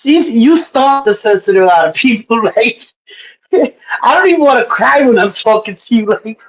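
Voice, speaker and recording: Woman, casual panel chat; playful, profane, laughs a lot, lively quoting. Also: normal speed, dull audio. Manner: laughing often, acting out quotes in animated pitch jumps; profane, teasing. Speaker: panelist on a live audio chat.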